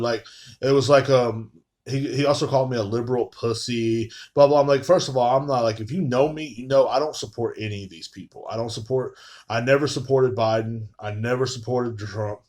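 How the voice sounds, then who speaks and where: Young guy hosting a podcast, casual profane rant, mid pitch, rambling. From Texas. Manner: profane, rambling, lots of fillers. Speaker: podcast host. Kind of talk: casual ranting monologue.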